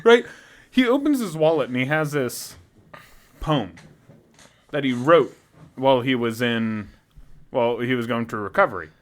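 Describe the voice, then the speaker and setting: A young man co-hosts a podcast and tells a story in casual chat, his mid-range voice moving at a normal pace with frequent pauses. He's animated, swears freely, laughs often, and gets loud when imitating a drunk fan.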